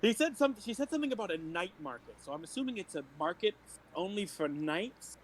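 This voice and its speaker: A man's voice: high voice, very animated, brisk, slight background noise. A man playing his bard character in a tabletop game, hesitant and quirky, with an oddly formal politeness. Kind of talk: in-character tabletop role-play.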